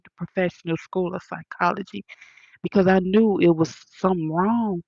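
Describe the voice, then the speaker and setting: A woman's voice: fairly low pitch, fairly even intonation, normal speed, gravelly, a little mellow, no echo, lo-fi sound. A woman hosting a livestream, answering comments in a blunt, profane, preachy rant full of slang.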